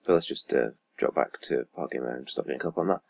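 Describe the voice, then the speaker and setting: A man's voice: extremely low pitch, quick pace, vocal fry, a little mellow, husky, dry recording. A man giving casual gameplay commentary as a YouTuber, rambling and swearing under his breath as he reads out stats. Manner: rambling, swears and mutters asides. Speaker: YouTuber playing a football management game.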